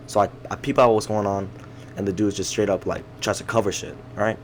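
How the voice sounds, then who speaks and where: A man's voice: lowish voice, flat delivery, fast talker, a little hiss or hum. A young man co-hosting a podcast, telling stories in a laid-back way with lots of slang and swearing. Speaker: podcast co-host. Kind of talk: casual chat.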